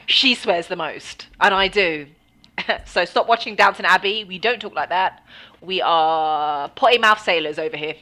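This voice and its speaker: A woman's voice: fairly low pitch, measured pace, bright, forceful tone. An English woman co-hosting a podcast, chatting casually, laughing often and swearing freely. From England. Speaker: podcast co-host.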